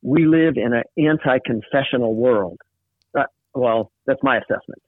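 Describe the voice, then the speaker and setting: A man's voice: mid-range voice, normal speed, no echo. A man in a casual Bible study discussion, explaining a passage thoughtfully with frequent fillers. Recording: tinny phone-like line.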